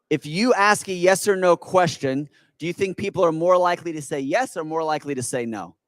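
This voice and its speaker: A man giving an energetic, persuasive stage talk at a business expo, quizzing the audience with rhetorical questions. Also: a little high, dry recording. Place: conference hall with audience.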